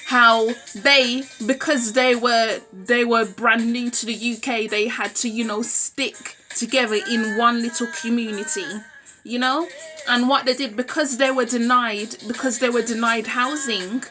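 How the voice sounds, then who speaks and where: A woman's voice: a little high, fairly even intonation, unhurried, sharp tone, faint music behind. A woman giving a frank, forthright vlog monologue. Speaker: vlogger. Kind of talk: opinionated talking-to-camera monologue.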